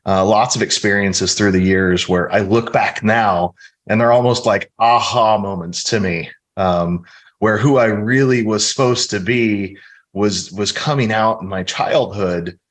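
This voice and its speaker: A man's voice: lowish voice, unhurried. A middle-aged man from the American Midwest, earnestly telling stories from his life as a guest in a casual podcast interview. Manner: earnest, storytelling, reflective.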